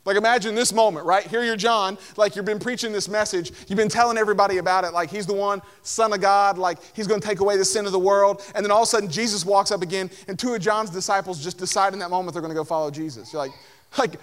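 High-voiced man preaching a casual sermon. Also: fairly even intonation, fast talker, a bit bright. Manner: conversational, lots of "like", acts out voices of Bible figures. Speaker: pastor.

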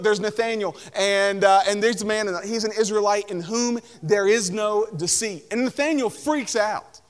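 Man, young adult, casual sermon, chatty with lots of "like", high voice. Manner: conversational, lots of "like", acts out voices of Bible figures. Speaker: pastor.

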